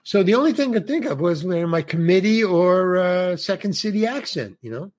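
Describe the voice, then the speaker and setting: High-pitched and a little fast, with big swings in pitch, this New Yorker in his eighties rambles through an anecdote on a podcast where he's a guest, acting out the dialogue as he tells it.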